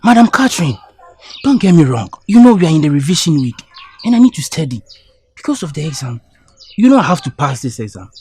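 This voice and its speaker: A man's voice: fairly high pitch, sing-song, fast talker, a little mellow, breathy edge. A man with a Ghanaian English accent acting a student in a comedy skit, pleading and placating, repeating himself.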